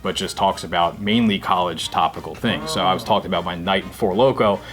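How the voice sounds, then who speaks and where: Over music, a New Jersey man in his thirties speaks low and fairly fast as a guest comedian. He spins candid stories in a laid-back conversation, cursing freely.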